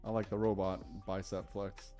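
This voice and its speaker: Rambling excited man on a live stream. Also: sits low, normal speed, faint music behind. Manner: enthusiastic, rambling, self-correcting. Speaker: day-trading livestream host. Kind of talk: casual live stream chat.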